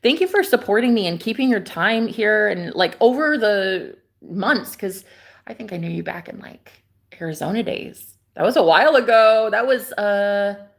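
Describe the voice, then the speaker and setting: A young woman livestreaming from a backyard, talking in an excitable, gushing way that jumps between loud exclamations and hushed whispers. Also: medium pitch, moderate pace, vocal fry. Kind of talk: casual livestream chat. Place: outdoors in a backyard.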